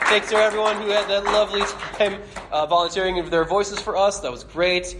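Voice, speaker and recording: A man's voice: high voice, steady tone, a little fast, fairly bright tone, slight background noise. A man hosting a live comic panel, joking at his own expense between bits and laughing often. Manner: giggly, self-deprecating, lots of filler. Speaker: panel host.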